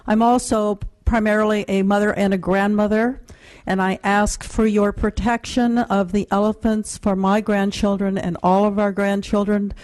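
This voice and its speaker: Older woman, pleading public comment, steady even tone, earnest hearing testimony. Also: medium pitch, normal speed, rough recording. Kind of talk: brief formal testimony.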